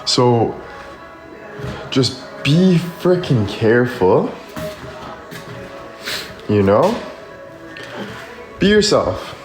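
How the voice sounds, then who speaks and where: This livestreaming social media creator talks extremely slowly, with long pauses and big swings in his medium-pitched voice. His casual motivational rambling is heavy on "like" and "you know," and faint music sounds behind him in an echoey room.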